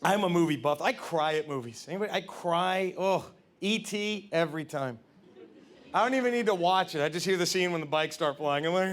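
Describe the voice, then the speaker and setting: A man with a high, bright voice performing stand-up on a club stage, animated and quick to slip into goofy put-on voices. The live recording carries clear room noise and audience laughter behind him. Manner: animated, acts out scenes in silly put-on voices. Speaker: stand-up comedian. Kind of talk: stand-up comedy set.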